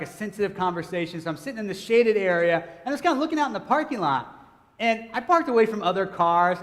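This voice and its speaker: A man preaching a sermon, telling a personal story with humor and speaking directly to his congregation. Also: high-pitched. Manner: animated, humorous, chatty storyteller who addresses the congregation. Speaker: pastor. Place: church hall. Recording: long hall reverb, church sanctuary.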